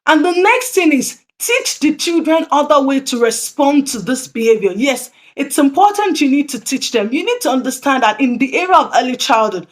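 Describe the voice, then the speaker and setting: A woman's voice: high voice, very animated, normal speed, hardly any pauses. A woman presenting tips to early childhood educators, earnest and repeating her key points. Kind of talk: instructional talk to camera.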